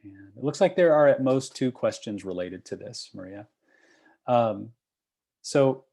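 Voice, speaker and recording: A man's voice: on the low side, dark tone. Patient male instructor on a video call. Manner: patient, encouraging, checks in with frequent "okay?" and "right?". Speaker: course instructor. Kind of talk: online review session.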